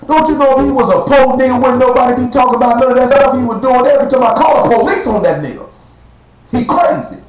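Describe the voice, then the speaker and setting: Blunt high-voiced street preacher. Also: male voice. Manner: preachy, blunt, slangy, drawn-out emphasis. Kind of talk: street-style sermon. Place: live streamed gathering room. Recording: echoey live stream room.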